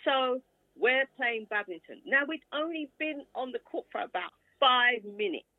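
A woman's voice: high voice, animated, measured pace, no room sound. A woman in her sixties telling her story in a casual interview and acting out quoted voices along the way. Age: 60s. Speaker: author guest. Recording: tinny phone-like line, dry.

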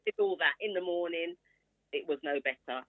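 A woman's voice: lowish voice, moderate pace, no echo. A woman in her sixties telling her story in a casual interview and acting out quoted voices along the way. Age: 60s. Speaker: author guest. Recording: tinny phone-like line, dry.

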